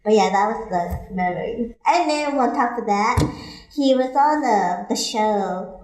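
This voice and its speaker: A woman guest sharing an excited memory on a convention panel, gushing as she talks. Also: a little high, measured pace, distant mic. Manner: gushing, bubbly. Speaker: guest, droid performer. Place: convention hall room. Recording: roomy hall mic, from afar, crowd behind.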